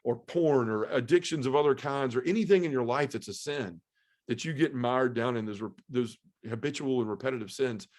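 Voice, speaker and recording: A man's voice: medium pitch, normal speed, a little mellow. A middle-aged man giving an earnest, heartfelt personal testimony as a podcast guest, restarting his sentences as he goes.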